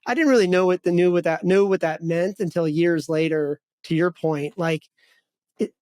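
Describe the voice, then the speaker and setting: A man in his forties hosts a casual podcast interview. His voice sits high and light, and he tells stories in a loose, rambling way, doubling back on himself. The sound is dry and close, with no room around it. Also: moderate pace, darkish tone, dry recording. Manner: storytelling, rambling with restarts. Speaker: podcast host.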